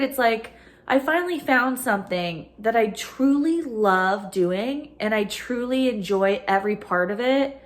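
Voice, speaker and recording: A woman's voice: fairly high pitch, expressive, a little slow. Gushing, emotional woman vlogger. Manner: emotional, gushing, many fillers. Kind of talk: casual chat to camera. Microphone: phone camera.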